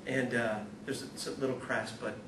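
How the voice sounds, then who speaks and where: At a ministry talk series, a man gives a lively, humorous spiritual talk, mocking himself, laughing often, and shifting into reading passages aloud at normal speed. His voice is picked up from some distance in a reverberant room, with a low rumble of noise underneath.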